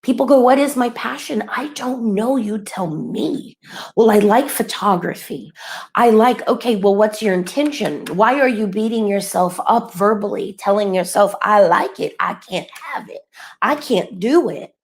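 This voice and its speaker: A middle-aged woman hosting a live-streamed spiritual message, animated and rambling, laughing often. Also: medium pitch, a little slow. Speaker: spiritual channeler and course host.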